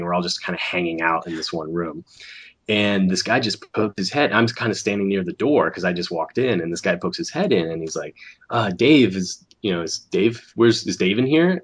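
A man, an animator, telling a story in casual conversation, acting out the other people's lines with quick restarts. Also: low-pitched, husky. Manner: animated, acts out quoted voices, restarts often. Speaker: animator guest.

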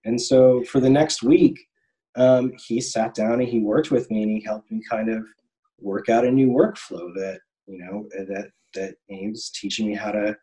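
A man in his thirties tells a long story as an interview guest, stopping and restarting with plenty of ums. His voice sits at an ordinary middle pitch, and he keeps the tone loose and conversational. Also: expressive, moderate pace, warm tone, rough recording. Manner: rambling, many ums and restarts. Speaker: animator guest.

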